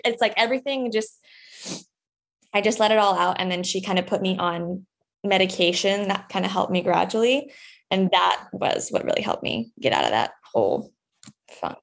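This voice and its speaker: A young woman as a podcast guest, talking candidly in casual chat and acting out her own past lines in a higher voice, with lots of "like.". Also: animated, moderate pace, gravelly. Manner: candid and chatty, acts out past dialogue in a higher voice.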